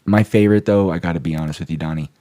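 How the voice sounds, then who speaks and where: Excitable low-voiced man telling stories. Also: very fast, no echo. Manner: excitable, storytelling, jokey exaggeration. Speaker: podcast co-host. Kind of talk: casual sports podcast chat.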